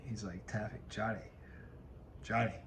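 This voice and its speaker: A man's voice: lowish voice, steady tone, normal speed, echoey room, background noise. A man hosting his video channel, telling a rambling story to the camera and cutting himself off mid-sentence. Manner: rambling, self-interrupting storyteller. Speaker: video host.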